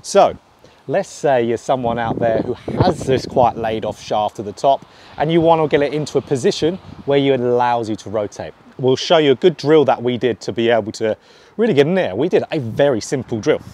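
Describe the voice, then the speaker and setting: A man's voice: medium pitch, darkish tone, slight background noise. A man, a golf coach explaining swing changes in an online lesson, counting off his points.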